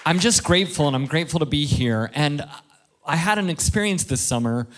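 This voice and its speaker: A man in his thirties preaches from the pulpit like he is chatting with friends. His fairly high voice moves between playful asides and earnest points, full of jokes at his own expense. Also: animated, a little fast, some chatter behind. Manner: conversational, playful storytelling with self-deprecating jokes. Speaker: pastor. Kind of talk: sermon.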